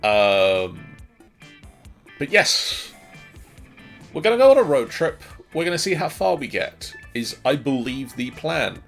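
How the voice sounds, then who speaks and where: Slow gravelly man. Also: medium pitch, very animated, a bit bright, faint music behind. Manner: hesitant, chatty, many ums and restarts. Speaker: let's play co-host. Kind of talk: casual gaming commentary.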